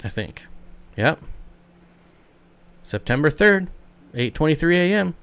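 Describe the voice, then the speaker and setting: A man's voice: fairly high pitch, very animated, slow pace, fairly bright tone, clean tone. A man hosting a casual live stream Q&A, rambling as he reads and answers chat comments. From United States.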